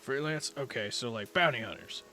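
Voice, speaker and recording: A stammering, eager village blacksmith, put on by a man running a tabletop game, who keeps tripping over his words. He speaks a little higher and louder than a plain talking voice. The voice stays rushed and keen to sell. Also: lively intonation, faint music behind. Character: flustered middle-aged male village blacksmith.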